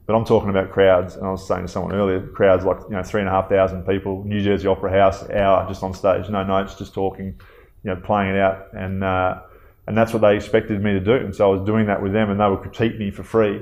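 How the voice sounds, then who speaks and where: An Australian man in his thirties speaks as an interview guest with a fairly low voice. He talks in a relaxed, conversational way, pausing on fillers and wandering into asides as he tells his stories. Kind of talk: casual interview storytelling.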